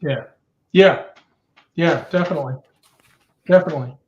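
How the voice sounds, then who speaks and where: Male academic guest, analytical, slightly high voice, roomy lo-fi remote sound. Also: moderate pace, slight background noise. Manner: analytical, laying out causes step by step. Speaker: guest, intelligence studies professor. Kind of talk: casual chat, explaining. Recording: roomy, dull remote audio.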